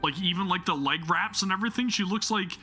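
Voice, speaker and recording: Hyped gamer guy freaking out over a story, bright voice, swears a lot, trips on words. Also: high-pitched, quick pace, slightly rough, soft background music. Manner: excitable, swears, laughs, stumbles over words; reads game narration aloud between reactions. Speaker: gaming channel host. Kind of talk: excited game story reaction.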